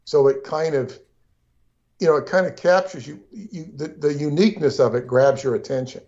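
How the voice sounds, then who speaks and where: A man's voice: on the high side, moderate pace, a little mellow, highs cut off. A man co-hosting a casual livestream conversation, rambling along with frequent restarts and asides. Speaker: co-host.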